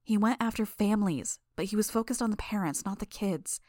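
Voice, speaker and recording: A woman voicing a frightened teenage girl who speaks quietly and anxiously in an audiobook reading. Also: medium pitch, no echo, clean studio sound, voice pushed up, close to an everyday voice. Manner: soft, hurried and anxious.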